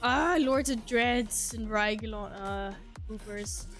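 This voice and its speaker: A woman's voice: on the high side, takes it slowly, a bit bright, soft background music. A young woman streaming a game, chatting to her viewers in a playful, self-mocking way, laughing and swearing casually as she plays. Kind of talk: casual live-stream chat while gaming.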